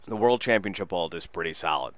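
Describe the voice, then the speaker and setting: A man with a very low, deep voice rambles excitedly through a casual solo podcast review and swears freely. The sound is dry and close, with no room around him. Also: fast, dry recording. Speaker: wrestling podcast host.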